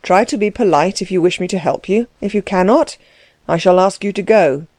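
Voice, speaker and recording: A woman voicing a composed aristocratic landowner, speaking in a measured, coolly condescending way. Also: medium pitch, a little mellow, no room sound, lightly acted. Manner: cool, measured, dry.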